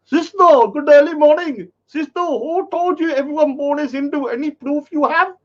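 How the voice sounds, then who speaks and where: A man's voice: very high-pitched, normal speed, dull audio, pitched above the performer's own voice. A man putting on the voice of a preachy male online commenter who insists and repeats himself. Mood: insistent.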